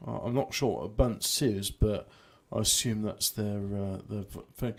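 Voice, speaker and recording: A man's voice: medium pitch, lively intonation, normal speed, few pauses, breathy edge. A man giving rambling, self-mocking commentary while playing a video game. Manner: self-mocking, trailing off, lots of restarts. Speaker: gameplay streamer.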